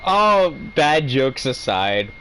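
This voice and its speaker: A man's voice: medium pitch, sing-song, very slow, pushed and bright, slight background noise, low-quality recording. A man giving a heated, profane opinion rant as a video reviewer. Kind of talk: ranting opinion commentary.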